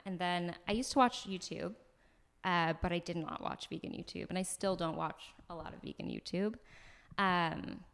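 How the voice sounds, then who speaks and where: A woman from Los Angeles, a podcast guest, telling a story in a chatty, animated way, full of likes and ums, recorded in an apartment. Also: fairly low pitch, vocal fry, smooth. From Los Angeles, USA. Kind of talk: casual conversational storytelling. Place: floor of a new apartment.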